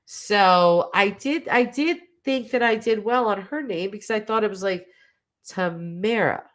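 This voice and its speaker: A woman's voice: mid-range voice, normal speed. A woman in her forties hosting a livestream, chatting casually with viewers, reading their comments and poking fun at herself. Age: 40s. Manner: chatty and self-mocking, laughs often. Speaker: livestream host.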